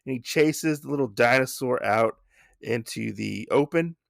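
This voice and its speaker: Man, podcast host, casual comic recap, rambling, gravelly, dry room. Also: medium pitch, measured pace, a bit bright, no room sound. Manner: rambling, restarts, swears casually.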